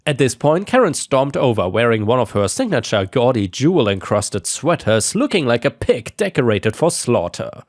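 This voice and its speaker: A man's voice: mid-range voice, sing-song, normal speed, hardly any pauses, no echo, clean studio sound. A man narrating a dramatic first-person neighbor-dispute story with a sarcastic, indignant manner.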